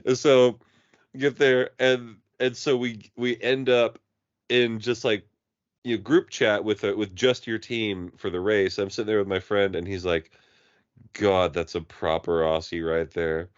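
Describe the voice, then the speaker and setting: A man's voice: lowish voice, a little slow, clean tone, no room sound. Guy on a podcast telling stories, doing goofy voices, dull dry mic. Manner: animated storyteller, puts on mock British and Aussie voices. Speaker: podcast co-host. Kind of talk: casual chat.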